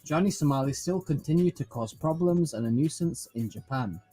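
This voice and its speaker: A man giving scripted documentary narration in an even, matter-of-fact way. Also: fairly high pitch, a little fast, faint music behind, poor audio.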